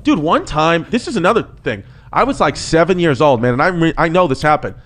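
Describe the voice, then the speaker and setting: Brief: male comedian, casual podcast storyteller, animated and profane, restarts a lot. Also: a little high, brisk, soft background music.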